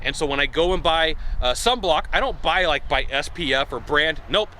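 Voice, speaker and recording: A man giving casual to-camera sales advice, acting out buyers' lines in an animated way, recorded outdoors. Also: on the high side, moderate pace, slight background noise. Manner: animated, acts out buyer dialogue. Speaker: sales consultant.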